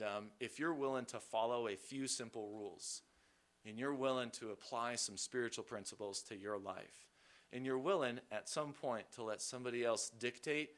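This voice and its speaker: A man's voice: medium pitch, a bit bright. A man giving a personal recovery testimony at a meeting, candid and self-deprecating, rambling loosely with many fillers.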